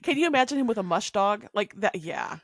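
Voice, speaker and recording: Female podcast co-host, mid-pitch, very animated delivery, laughs a lot, dry close-mic sound. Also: brisk, dry recording. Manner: animated, laughs often, quotes lines. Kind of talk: casual TV recap chat.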